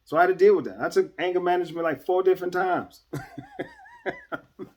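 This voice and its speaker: A man's voice: sits high, expressive, moderate pace, long pauses, darkish tone. A man hosting a podcast, talking to listeners in an earnest, emphatic, preacherly way, stressing key words and restarting phrases. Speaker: podcast host. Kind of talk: unscripted commentary monologue.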